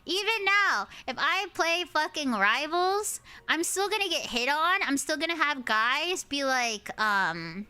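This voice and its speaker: High cutesy-voiced young woman streamer. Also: a little slow, few pauses. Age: early 20s. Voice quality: high, cutesy anime-girl-like voice. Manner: animated ranting with frequent swearing. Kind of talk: casual gaming stream chatter.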